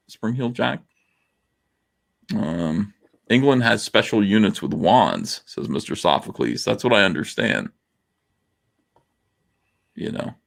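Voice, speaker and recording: A man's voice: lowish voice, creaky, fairly bright tone. A man from the US hosting a livestream, ranting sarcastically in a comment-reading commentary. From United States. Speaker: livestream host.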